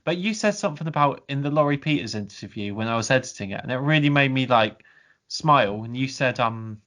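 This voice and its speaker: A man's voice: mid-range voice, animated, a little fast. A man hosting a podcast in loose, casual chat. He talks freely and laughs often as he goes. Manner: chatty, laughs often, self-described softie. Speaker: podcast host.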